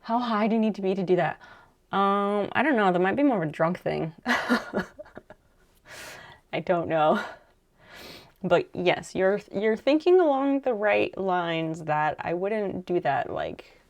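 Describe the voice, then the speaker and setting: Soft-spoken gravelly woman streamer. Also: mid-range voice, animated, measured pace, pauses often, muffled recording. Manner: rambling, soft-spoken, thinking aloud. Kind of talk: casual chat while crafting.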